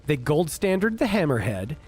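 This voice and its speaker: A man's voice: on the high side, very animated, normal speed, darkish tone. A man streaming a space game, chatting casually with teammates in a blunt, profane, ranting way. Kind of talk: casual gaming chat.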